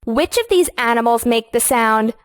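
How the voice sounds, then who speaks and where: A woman's voice: on the high side, expressive, dry recording, studio quality, faint music behind, close to an everyday voice. Annie, a woman voicing a sunny farm guide. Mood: sunny, encouraging. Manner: slow, sing-song, encouraging. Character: cheerful young woman farmer guiding kids. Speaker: game guide character. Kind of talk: scripted children's game voice-over.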